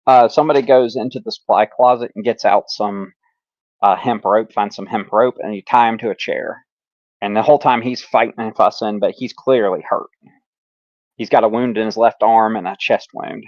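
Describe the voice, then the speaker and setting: A man narrating as game master in a tabletop game, relaxed and laughing, with lots of fillers. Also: fairly low pitch, moderate pace, no echo. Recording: dull lo-fi sound.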